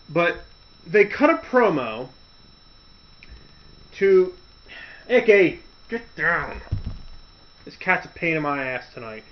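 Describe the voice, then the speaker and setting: A man rambles through a casual podcast rant, circling back and restarting as he goes. His voice sits a bit high and he talks at a slow, unhurried pace. The audio is dull and lo-fi. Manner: rambling, loose storytelling with restarts and loud shouted impressions. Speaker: podcast host.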